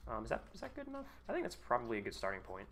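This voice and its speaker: Bright-voiced joking male streamer. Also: medium pitch, huge pitch swings, racing, slight background noise. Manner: swears often, jokes and banters with chat; self-mocking, mutters while building. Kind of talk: casual live gameplay commentary.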